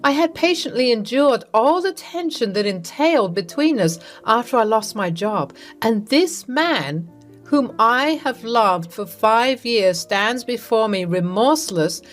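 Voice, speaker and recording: A woman reading a first-person story with a dramatic, expressive delivery. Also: a little high, a little slow. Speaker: story narrator. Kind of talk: first-person scripted narration. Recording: narration over soft music.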